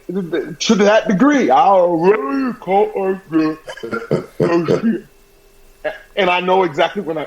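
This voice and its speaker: A man hosting a sports talk show, chatting casually and telling a story with lively acted-out bits. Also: sits high. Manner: animated storyteller, acts out voices. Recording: dull lo-fi sound.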